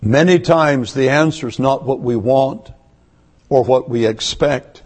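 A man's voice: medium pitch, takes it slowly, darkish tone, breathy edge. A man preaching a sermon to his church, emphatic and asking one rhetorical question after another. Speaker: pastor. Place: church service.

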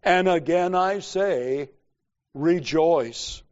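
A man preaching a sermon in a slow, measured, emphatic way, pausing deliberately between phrases. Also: on the high side, a little mellow, muffled recording.

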